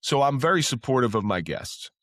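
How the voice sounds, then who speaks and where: A man who used to be a police officer, a podcast guest telling stories in casual talk. He speaks candidly, swears freely, and his voice jumps up when he gets excited. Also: mid-range voice, a little fast, no echo, clean studio sound. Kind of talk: casual storytelling.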